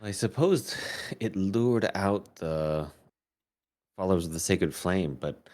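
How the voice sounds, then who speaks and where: A man's voice: low-pitched, takes it slowly, a little mellow. A man playing a tabletop game, chatting bluntly and jokingly, swearing now and then. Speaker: player. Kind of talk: casual tabletop game chat.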